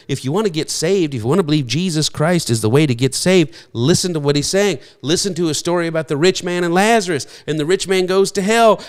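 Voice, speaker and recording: A male pastor preaching a sermon, his voice sitting a little higher than most men's. He tells stories in a loose, conversational way, stumbling over fillers and restarts and slipping into the voices of the people he quotes.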